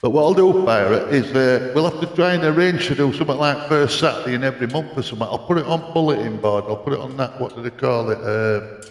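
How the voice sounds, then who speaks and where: A man's voice: mid-range voice, roomy sound, big-room sound. An older man, chatting casually on a live gaming stream, rambling into stories and answering his chat. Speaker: livestreamer. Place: home racing-sim rig room.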